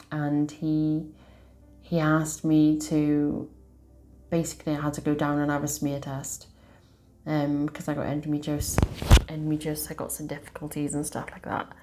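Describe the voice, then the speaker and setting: A woman, a tarot reader hosting her channel, telling a personal story to camera in a soft, slow, heartfelt way. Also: low voice, completely flat delivery, soft background music.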